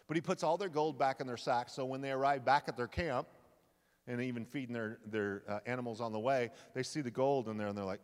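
A man preaching a sermon at a conference, retelling a story in a lively way and acting out what the characters say. His voice sits at an ordinary middle pitch. The recording carries a long hall reverb. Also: fairly quick. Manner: animated storytelling, acting out quoted lines. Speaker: pastor.

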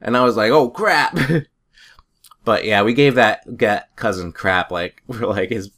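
A man's voice: on the low side, slow, fairly bright tone. A man in a casual chat, telling rambling stories and chuckling often.

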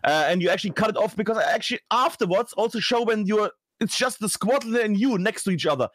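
Guest spot: high-voiced man, very animated delivery, casual and chatty. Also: fast talker. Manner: chatty, self-interrupting, swears casually. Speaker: guest, competitive game broadcaster. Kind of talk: casual podcast chat.

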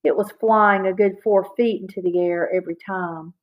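A woman, a teacher, reading a children's novel aloud to students with expressive storytelling. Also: medium pitch, moderate pace, muffled recording.

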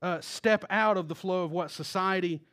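A man's voice: sits high, moderate pace, a bit bright. A middle-aged man preaching a sermon in a casual storytelling way, with restarts. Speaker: pastor.

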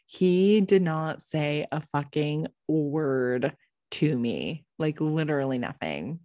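A woman's voice: deep voice, slow, no room sound, clean studio sound. A young woman hosting a casual chat, telling a story animatedly with plenty of "like" and swearing. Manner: animated, swears freely, lots of "like". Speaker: podcast co-host.

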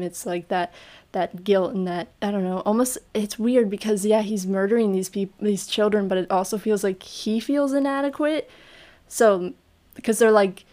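An animated woman on a casual film podcast. She talks at a middle pitch and keeps slipping into little acted-out quotes as she reacts. The delivery stays chatty and lively. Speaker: podcast co-host. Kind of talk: casual film review chat.

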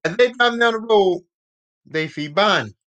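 A man with a high voice recapping a TV series in loose, profane slang. He rambles and repeats himself as he tells it. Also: expressive, moderate pace, a bit bright. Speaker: podcast host. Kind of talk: casual TV recap.

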